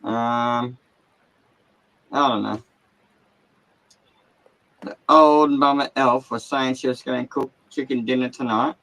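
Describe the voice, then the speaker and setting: An Australian man talking straight into his livestream, rambling and agitated and swearing constantly. His voice sits at an ordinary middle pitch, and he talks to the viewers in a loose, unplanned way from inside his caravan. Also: steady tone, slow pace, pauses often, fairly bright tone, rough recording. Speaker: livestream host. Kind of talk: casual livestream rant.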